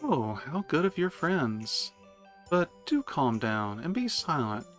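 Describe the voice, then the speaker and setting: A man's voice: a little high, big pitch swings, takes it slowly, fairly bright tone, faint music behind, voice pushed up, heavily acted. Man putting on a haughty regal mother-queen. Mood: serene, condescending. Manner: stately, commanding and condescending. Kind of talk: reading game dialogue aloud.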